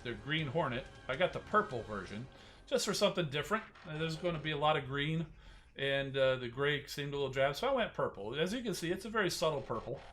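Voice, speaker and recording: Soft music plays behind a man whose voice is on the high side and a bit bright, with lively intonation and a quick pace. As a channel host and toy collector, he rambles through a casual show-and-tell of collectible figures, with frequent fillers and restarts.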